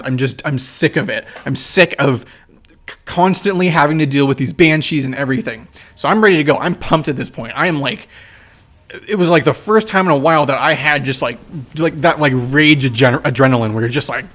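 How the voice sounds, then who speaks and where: Brief: young male game commentator, excitable and profane, a little higher than usual. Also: moderate pace. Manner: excitable, swears, shouts when reenacting his trash talk. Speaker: gameplay commentator. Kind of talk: casual match breakdown commentary.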